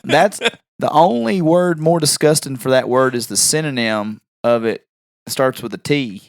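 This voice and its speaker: A man's voice: medium pitch, moderate pace, no echo. A man with a country accent co-hosting a casual podcast chat, joking and laughing at himself. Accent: rural country accent. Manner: joking, self-mocking, laughs often. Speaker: podcast co-host.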